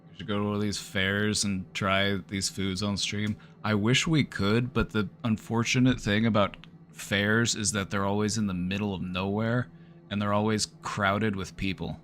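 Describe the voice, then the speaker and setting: Wry, low-voiced male streamer. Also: fairly bright tone. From United States. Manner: joking, wry running reactions. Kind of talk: casual live-stream commentary.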